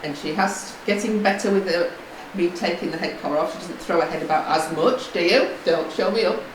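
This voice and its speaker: A woman's voice: fairly low pitch, fairly quick, roomy sound, recorded from a distance, noisy background. A woman training her young horse, calling short praise and commands and explaining to the camera. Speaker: horse owner and vlogger. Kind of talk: casual training commentary. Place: stable yard with a horse.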